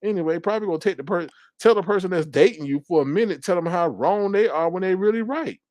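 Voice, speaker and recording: A man hosting casual reaction commentary, teasing and animated, breaking into laughs and drawn-out exclamations. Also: sits high, no room sound. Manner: drawn-out exclamations like "Lord have mercy". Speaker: commentary channel host.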